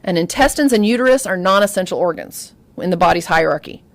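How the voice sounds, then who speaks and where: A woman's voice: on the low side, fast talker, no echo. A woman giving a medical grand rounds lecture on obstetrics, telling stories and talking directly to the audience. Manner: lively storytelling with audience asides.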